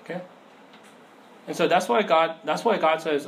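A man's voice: a little high, normal speed, creaky, fairly bright tone, low-quality recording. A young man giving a casual sermon as a youth pastor, telling a story and acting out the voices in it. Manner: conversational storytelling, acts out voices in anecdotes. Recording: faint background noise.

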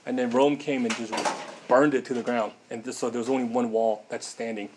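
A man's voice: mid-range voice, little pitch movement, brisk, background noise. A man preaching a casual sermon in a conversational way, with many fillers and frequent tag questions.

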